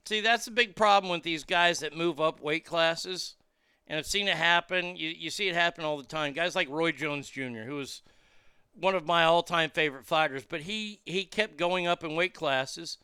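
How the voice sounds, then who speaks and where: High-voiced, bright, profane male commentator. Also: moderate pace, clean tone, no room sound, studio quality. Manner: profane, blunt and rowdy; loud excited reactions to video. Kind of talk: unscripted commentary.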